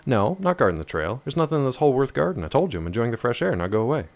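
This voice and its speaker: A man's voice: medium pitch, big pitch swings, racing, vocal fry, pitched above the performer's own voice. A man voicing a prickly young woman wanderer in a game, curt and dismissive, in a raised voice.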